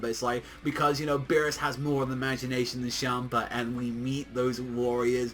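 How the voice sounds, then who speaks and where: An excitable young man rambles through an anime review in loose, slangy speech. He swears freely and fills his sentences with "like". His pitch sits in an ordinary middle range for a man. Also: fairly quick, few pauses. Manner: excitable, slangy, swears often, heavy use of "like". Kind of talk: casual video review.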